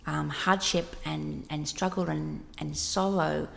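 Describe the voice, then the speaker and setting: Low, gravelly-voiced woman reflecting thoughtfully. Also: steady tone, slow pace, a bit bright. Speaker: author guest. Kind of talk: casual interview chat. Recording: long reverb.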